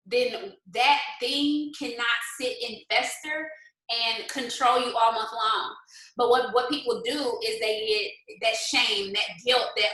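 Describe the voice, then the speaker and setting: A woman leading a motivational livestream for her sales team, animated and talking straight to viewers in the comments. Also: on the high side, measured pace, roomy sound, rough recording. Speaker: network marketing team leader.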